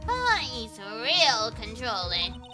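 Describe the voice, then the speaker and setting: A woman voicing a brash, excitable young Southern woman with a folksy American Southern drawl. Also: on the high side, slow pace, over music, voice pushed down, heavily acted. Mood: gossipy.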